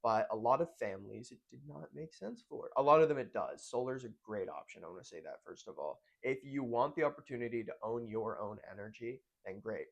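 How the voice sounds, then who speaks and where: A man's voice: mid-range voice, lively intonation, a little fast, creaky, hardly any pauses. Rambling young man vlogging. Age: young adult. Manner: rambling, self-correcting. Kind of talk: casual monologue check-in.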